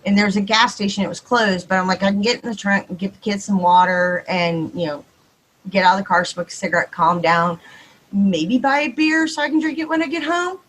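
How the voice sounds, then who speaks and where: A Texan woman tells a ghost story as a podcast guest, talking fast and playing out each exchange. Her voice is husky, with a middle pitch. The story moves along at an easy, casual clip. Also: low-quality recording. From Texas. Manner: animated, quick, acts out dialogue.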